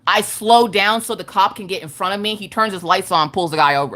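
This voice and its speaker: A woman, telling a story in a casual livestream chat, animated, profane and emphatic. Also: medium pitch, fairly quick. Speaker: craft livestream host.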